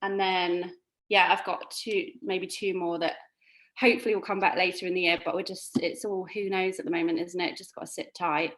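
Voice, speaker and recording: A woman's voice: on the low side, level tone, a little fast, a bit bright. Chatty woman guest on a video call. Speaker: guest, presenter. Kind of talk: casual livestream chat.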